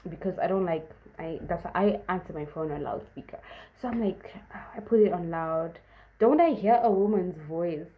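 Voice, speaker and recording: Animated young woman telling a story. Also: moderate pace, dull audio. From Zimbabwe. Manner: animated, acts out quotes with big pitch jumps. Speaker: vlogger. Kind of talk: casual storytime.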